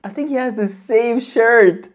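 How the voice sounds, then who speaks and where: A woman hosting a reaction video, talking casually in an excitable, slangy way and laughing often. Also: a little high, unhurried.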